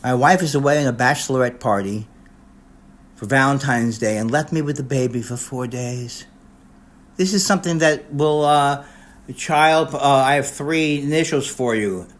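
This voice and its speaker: A man's voice: mid-range voice, normal speed. An older man, a comedian, doing a mock roast in a rambling comic monologue, often cutting himself off and restarting his sentences with sarcastic asides. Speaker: comedian recording a personalized video message.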